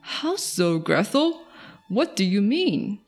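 A woman voicing a fussy, hurried middle-aged master of the house in a storybook reading, speaking in urgent exclamations. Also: medium pitch, big pitch swings, faint music behind, exaggerated voice. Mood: fussing.

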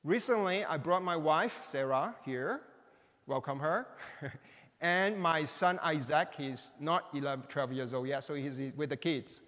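A middle-aged man preaching a sermon, with slow, emphatic delivery, big swings between loud and soft, and slightly non-native phrasing. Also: on the high side. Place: large church hall. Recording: reverberant hall.

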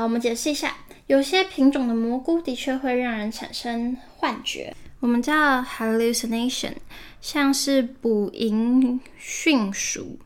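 Chatty woman explaining a storybook. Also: a little high. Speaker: podcast host. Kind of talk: storybook reading with commentary.

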